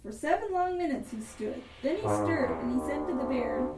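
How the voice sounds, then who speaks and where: A woman reading a rhyming storybook aloud in a sing-song, animated rhythm over improvised music. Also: sits high, moderate pace, few pauses, a loud crowd. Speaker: reader. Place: house room. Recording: echoey room, mic far off, with instrument playing.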